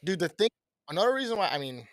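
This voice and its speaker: A young man with a slightly high voice, chatting animatedly on a podcast and swearing freely. The sound is dry and close. He jokes around a lot. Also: fast talker, dry recording. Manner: animated, joking, swears often. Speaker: podcast co-host. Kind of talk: casual podcast chat.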